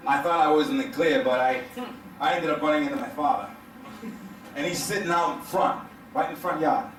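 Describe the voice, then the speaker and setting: High-voiced man doing stand-up in echoey room. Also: brisk, a little hiss or hum. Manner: animated, profane, laughs through his lines. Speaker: stand-up comedian. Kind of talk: stand-up storytelling to a live audience. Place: hotel event room stage. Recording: echoey room, mic heard from a distance.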